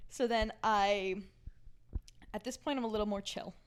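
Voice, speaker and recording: A young American woman co-hosting a podcast, telling a travel story in casual chat, animated, laughing often and acting out the voices of the people she quotes. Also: medium pitch, normal speed, clean tone. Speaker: podcast co-host.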